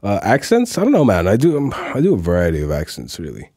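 A man with a low, warm voice talks in relaxed, rambling podcast chat. He has a wheezing laugh. The sound is close and dry. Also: fast talker, slightly rough, no echo. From half Cypriot, half Filipino. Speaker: voice actor guest.

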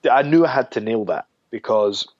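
A man being interviewed about his wrestling career, talking in a relaxed, rambling way with many restarts. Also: mid-range voice, normal speed, no room sound. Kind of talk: casual phone interview. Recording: dull lo-fi dry sound.

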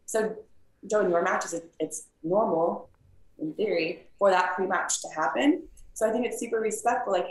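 Measured woman referee in casual chat, mid-pitched, echoey room. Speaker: volleyball referee. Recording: roomy echo.

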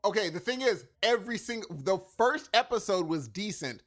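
Podcast co-host: high, lively male voice, exasperated and slangy, ranting through a casual chat. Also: normal speed.

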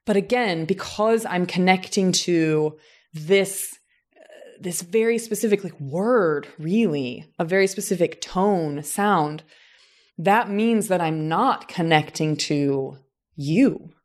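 A woman from Southern Indiana who teaches, talking in a relaxed conversation about how people speak, thinking aloud with frequent restarts. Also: on the low side, slow. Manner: reflective, animated examples, frequent restarts. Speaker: teacher and voice coach. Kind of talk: casual conversation.

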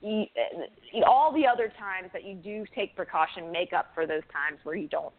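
A chatty woman guest talks casually, laughing often and restarting her sentences. Her voice sits at a mid pitch. The sound is thin and phone-like. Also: animated, normal speed. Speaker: guest, author. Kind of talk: casual interview talk. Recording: phone-like band-limited audio.

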